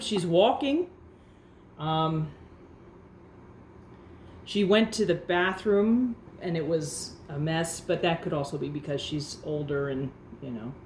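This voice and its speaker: Lady talking slow and gentle while she tends a hurt chicken, kinda low voice, echoey spot, hens clucking a bit behind. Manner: calm, soothing, talks gently to a hen. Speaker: backyard chicken keeper. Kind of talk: casual hands-on vlog narration. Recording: roomy echo with faint background noise.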